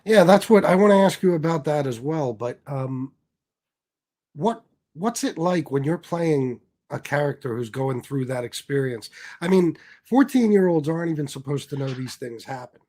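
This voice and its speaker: A man hosting a casual interview, asking relaxed follow-up questions. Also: on the high side, moderate pace. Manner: easygoing, brief prompts and follow-up questions. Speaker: host.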